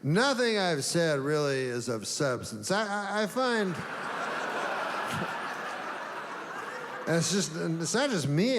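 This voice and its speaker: A middle-aged man does stand-up in a dry, deadpan ramble full of halting restarts. His voice sits rather high for a man. The live hall carries a long reverb, with a clear crowd murmur underneath. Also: noisy background. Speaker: stand-up comedian. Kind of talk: stand-up routine.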